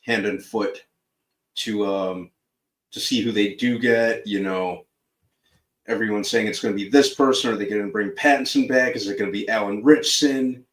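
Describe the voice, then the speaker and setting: A man co-hosting an entertainment show, chatting casually and hesitantly, with many pauses and fillers. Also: fairly low pitch. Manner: hesitant, many ums, repeats himself. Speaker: podcast co-host. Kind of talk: casual chat. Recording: roomy echo, distant from mic.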